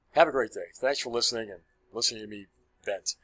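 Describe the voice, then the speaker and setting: A man's voice: mid-range voice, animated, quick pace, no room sound. A man vlogger delivering an impassioned monologue to camera, earnest and pleading, often repeating himself and apologizing.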